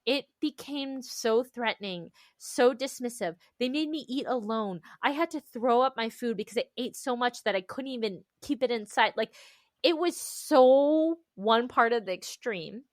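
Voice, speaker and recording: A woman guest talking candidly about motherhood, telling animated stories, acting out her own inner voice and laughing often. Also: a little high, moderate pace, dry recording, clean studio sound. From United States. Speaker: guest author. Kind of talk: candid conversational interview.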